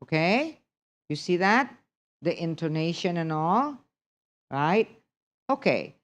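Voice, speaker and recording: Slow, low-voiced woman teaching. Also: sing-song. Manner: mixes Indonesian and English, repeats and models sentences aloud. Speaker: presentation skills instructor. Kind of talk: live online class lecture.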